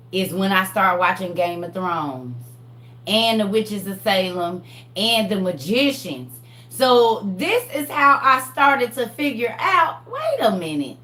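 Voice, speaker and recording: A woman hosts a live online class in casual chat, animated, laughing and talking straight to her viewers. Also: a little high, reverberant. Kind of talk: casual livestream teaching chat.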